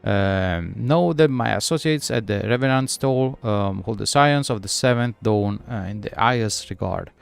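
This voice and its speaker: A man voicing a courteous, formal male guild emissary, reading the lines haltingly. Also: on the low side, gravelly, smooth.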